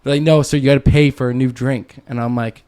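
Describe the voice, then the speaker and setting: A man's voice: mid-range voice, steady tone, quick pace, a little mellow, clean tone. A laid-back man in casual podcast chat, swearing as he tells a story.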